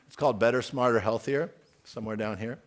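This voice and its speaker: Speaking quickly in a medium-pitched voice, a forties-aged man gives a forceful, outspoken conference keynote. He throws questions out to the audience throughout.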